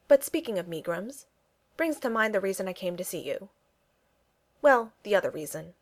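A good-natured young Regency gentleman, blunt and clipped, as a woman narrator puts him on. His phrases bounce up and down with lively pitch. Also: moderate pace. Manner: clipped speech, dropped pronouns.

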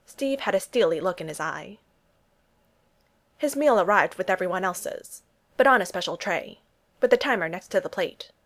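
A woman narrating a story as an even, steady reader. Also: on the low side. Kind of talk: storybook reading.

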